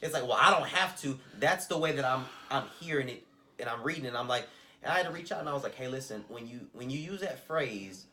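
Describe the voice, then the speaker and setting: A man's voice: medium pitch, a bit bright, a little hiss or hum. A man co-hosting a podcast, talking earnestly and reflectively in casual chat. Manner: earnest, reflective, quotes others in raised voice. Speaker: podcast co-host.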